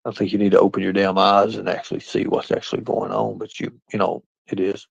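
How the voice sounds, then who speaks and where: Talking fast in a low, gravelly and slightly rough voice with a level tone, this man rants during a casual livestream. He confronts his chat head-on in a combative way. The sound is dull, lo-fi and dry.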